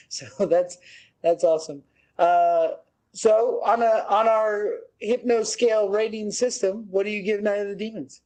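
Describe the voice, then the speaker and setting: A man's voice: high voice, steady tone, measured pace, darkish tone, rough recording. A man hosting a horror film podcast in casual chat, upbeat and steering the talk with questions. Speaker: podcast host.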